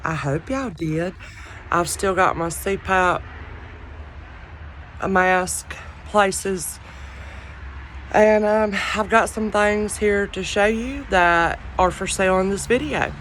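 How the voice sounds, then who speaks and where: A woman with a deep Southern drawl chatting casually to her viewers about jewelry she is selling, in a loud, carrying, folksy voice. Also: takes it slowly, long pauses. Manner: drawling, folksy, says y'all often. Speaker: online jewelry reseller. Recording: outdoor wind noise.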